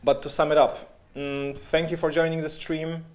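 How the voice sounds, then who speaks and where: A man's voice: a little high, little pitch movement, moderate pace. A man with a Polish accent chatting casually and jokingly on a live stream, tripping over and repeating words now and then. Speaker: game developer streamer. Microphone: handheld microphone.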